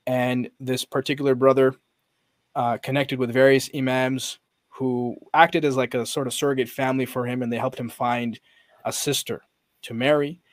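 A man's voice: mid-range voice, moderate pace, no room sound. Man animatedly retelling a story, dry sound. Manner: animated retelling, quoting others in character; frequent fillers and restarts. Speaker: podcast guest, coach. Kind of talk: conversational storytelling.

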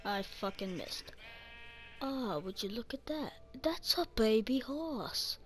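A woman's voice: fairly high pitch, expressive, faint music behind. A woman casually commenting while playing a game, muttering to herself and swearing often. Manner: slow, muttering, swears a lot. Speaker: gaming channel host. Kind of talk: casual let's-play commentary.

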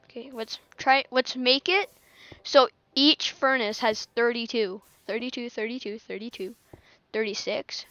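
A woman's voice: fairly high pitch, unhurried, a bit bright, no room sound. A woman giving casual gameplay commentary, chatting to herself and laughing often as she plays. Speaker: gaming channel host.

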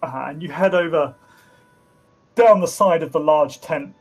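A man narrating a tabletop game as game master, halting with many restarts. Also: a little high, husky, soft background music.

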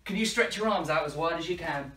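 A woman hosting an interactive children's party show, playful and animated as she coaxes the kids to join in. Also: deep voice, fast talker, distant mic. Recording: echoey room, voice from off-mic.

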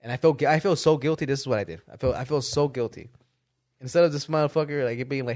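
A man co-hosting a podcast, telling a story in casual, animated chat full of swearing and "dude". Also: medium pitch, quick pace. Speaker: podcast co-host.

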